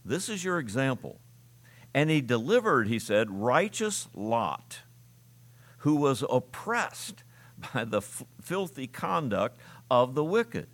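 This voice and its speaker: A man's voice: mid-range voice, big pitch swings, slow pace, fairly bright tone. A middle-aged man preaching a sermon as pastor, reading scripture aloud in an earnest voice with emphatic rises.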